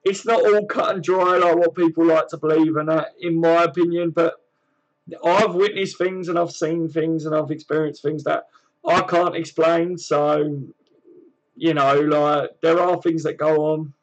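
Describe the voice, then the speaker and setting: A man's voice: fairly high pitch, flat delivery, measured pace, highs cut off. A man hosting a fan live stream, reading viewer comments aloud and chatting back in a laid-back, slangy way.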